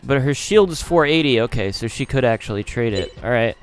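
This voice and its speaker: Male let's-play host, casual musing commentary, animated pitch. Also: a little fast. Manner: musing aloud, casual swearing. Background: game music.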